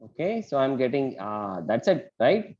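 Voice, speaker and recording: Over a video call with dull, lo-fi sound, a math teacher with an Indian English accent leads an online lesson, patient and frequently asking "right?". He speaks in a mid-range, sing-song voice that is a little slow and a little mellow.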